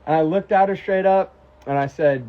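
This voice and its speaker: A young American man on a casual livestream, reading out fan questions and telling stories in a profane, animated way. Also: high voice, moderate pace, phone-quality sound. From United States. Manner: profane, animated storytelling, answering chat questions. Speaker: musician on a livestream.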